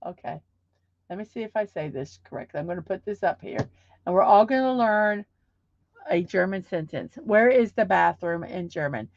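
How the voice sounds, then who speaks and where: A woman's voice: medium pitch, darkish tone, dry recording. A woman hosting a casual livestream, chatting upbeat and reading viewer comments aloud. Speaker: livestream host. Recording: dull lo-fi sound.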